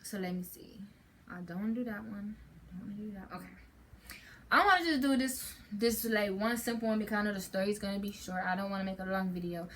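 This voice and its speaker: A woman's voice: medium pitch, fairly even intonation, quick pace, a bit bright, slight background noise. A teenage girl from telling a storytime to her channel in a casual, rambling way, with many fillers and restarts. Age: teens. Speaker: vlogger.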